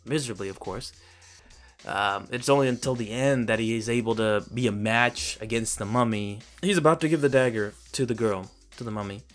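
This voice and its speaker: A man's voice: mid-range voice, a little fast, a bit bright, soft background music. A man giving a casual, profane and sarcastic review of a film he finds ridiculous, laughing as he rants. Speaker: movie reviewer. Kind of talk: casual ranting movie review.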